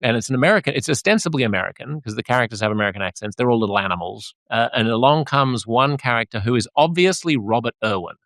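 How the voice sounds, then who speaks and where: A man's voice: medium pitch, expressive, fast, hardly any pauses, a bit bright, no echo. A man hosting a podcast interview, chatty and jokey, often laughing as he talks. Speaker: podcast host. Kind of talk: casual interview chat.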